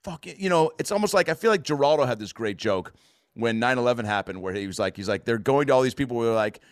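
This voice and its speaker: An American man in his thirties, rambling in a profane, animated way through a casual podcast chat. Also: medium pitch, fast talker, no room sound, clean studio sound. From United States.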